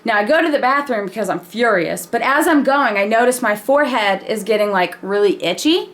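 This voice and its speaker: Animated woman telling a funny story. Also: on the high side, a little fast. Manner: animated, laughing, frank with swearing. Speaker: vlogger. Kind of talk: casual storytelling.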